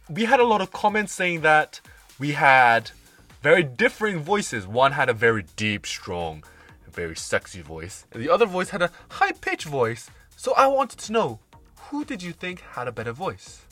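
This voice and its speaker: A man's voice: on the high side, very animated, normal speed, a bit bright, faint music behind. A young man from Britain co-hosting a podcast in jokey, playful banter. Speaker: podcast co-host. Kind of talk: casual chat.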